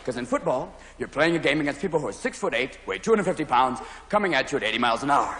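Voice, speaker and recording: A man in his thirties doing live stand-up comedy on a large stage, manic and rapid-fire, jumping in and out of voices. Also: medium pitch, expressive, big-room sound. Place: large opera house stage. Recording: loud live crowd and room noise. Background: roaring audience laughter.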